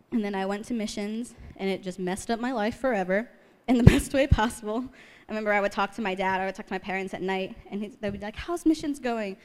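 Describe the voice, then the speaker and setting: Young east coast woman telling her faith story, jokey and animated, goes high and squeaky when quoting herself praying. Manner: animated storytelling, acts out her own past prayers in a higher voice; self-deprecating humor with frequent laughs. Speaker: speaker sharing testimony. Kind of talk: personal testimony talk.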